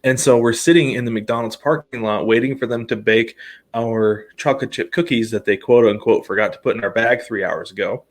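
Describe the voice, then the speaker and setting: Speaking a little fast at medium pitch, this thirtysomething podcast co-host tells a lengthy comic story in relaxed chat. He stays animated, laughing frequently and performing what others said in their voices.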